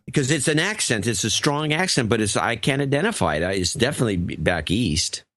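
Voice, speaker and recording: A man's voice: medium pitch, sing-song, brisk, fairly bright tone, dry recording. A man co-hosting a talk show, chatting in an amused, curious way. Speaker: podcast co-host. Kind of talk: casual chat.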